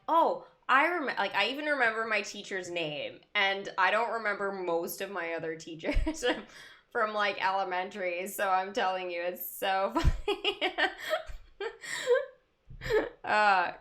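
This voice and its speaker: Bright, giggly young woman host chatting with her live viewers, rambling and easily amused. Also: mid-range voice, normal speed. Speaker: livestream host. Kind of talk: casual chat with live chat viewers.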